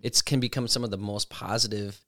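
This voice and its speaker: Lower-voiced man rambling on a podcast. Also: fairly even intonation, brisk, fairly bright tone. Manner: rambling, restarts sentences often. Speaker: podcast co-host. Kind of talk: casual chat.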